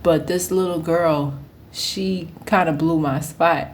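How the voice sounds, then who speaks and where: A woman in her thirties telling a casual story, animated and often laughing as she acts out the people in it. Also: sits low, slow pace, a little hiss or hum. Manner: animated, acts out quoted voices. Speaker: vlogger.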